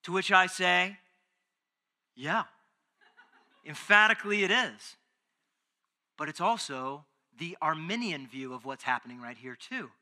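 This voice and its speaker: A male pastor preaching a sermon with emphasis, swinging between hushed passages and loud, fervent ones. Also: fairly high pitch, animated, a little slow, long pauses.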